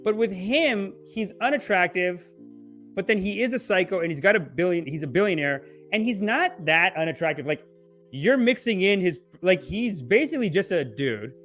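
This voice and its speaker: Irreverent male podcast host, animated. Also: high voice, normal speed, soft background music. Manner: irreverent, mocking, rambling asides. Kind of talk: casual commentary and reading news aloud.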